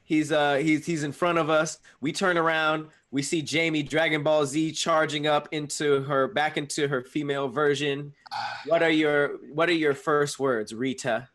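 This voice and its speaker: A man playing a tabletop game, talking in an excitable, stammering way. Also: a little high, normal speed. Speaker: player. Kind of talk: casual banter at a game table.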